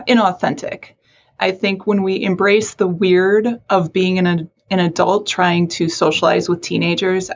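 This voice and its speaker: A woman's voice: medium pitch, slight background noise. A woman counselor for teens, chatting casually in an interview, self-deprecating and laughing often. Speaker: mental health counselor for teens.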